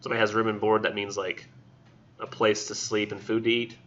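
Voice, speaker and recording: A man's voice: fairly low pitch, flat delivery, fairly quick, a bit bright, slight background noise. A man lecturing a college class in a casual, chatty way, full of fillers and digressions, in a dull lo-fi recording. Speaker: college instructor.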